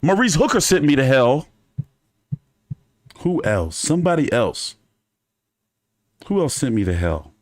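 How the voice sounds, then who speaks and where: A man's voice: medium pitch, unhurried, long pauses, no room sound. A man hosting a boxing channel, telling stories to his viewers in a loose, profane, laughing way. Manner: animated, profane, laughing anecdotes. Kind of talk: casual storytelling to viewers.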